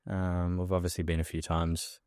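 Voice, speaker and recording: A man's voice: low-pitched, completely flat delivery, normal speed, darkish tone, clear, resonant tone, no echo, studio quality. A young Australian man, a guest in a casual interview, telling stories animatedly with lots of fillers and laughs.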